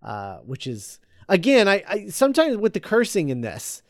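A man chats casually, retelling a script scene by scene in a rambling way full of fillers, quoting characters in a flat relaying voice. His voice sits high at a moderate pace, and the recording is clean studio sound with no room sound.

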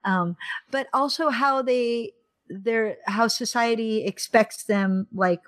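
Podcast co-host: American woman, casual, animated, quick to laugh. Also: fairly high pitch. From United States. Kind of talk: casual chat.

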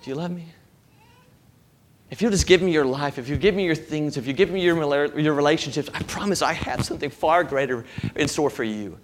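Sermon moment: a soft, slow, whispered divine voice, performed by a man. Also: fairly high pitch, natural voice. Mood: tender. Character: God speaking tenderly to a person.

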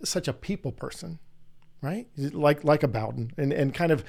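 A man's voice: on the high side, moderate pace, gravelly. Rambling, storytelling male host. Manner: rambling storyteller, animated anecdotes. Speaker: podcast host. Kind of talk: casual interview chat.

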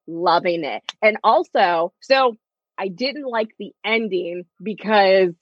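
A woman in casual chat about a TV series, animated and laughing often, acting out quotes in different voices. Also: mid-range voice, slow, dull audio, slight background noise.

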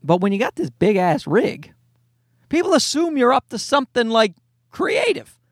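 Comedian in his forties, podcast host, lively swearing storyteller, bouncy high voice, dry close mic. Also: normal speed, no room sound. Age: 40s. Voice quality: animated, profane storytelling. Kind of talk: casual solo podcast monologue.

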